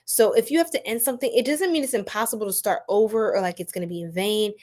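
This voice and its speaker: A woman's voice: medium pitch, quick pace, a little mellow. A woman tarot reader, chatting and joking with viewers on a live stream and laughing often. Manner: laughing a lot, playful, chatty.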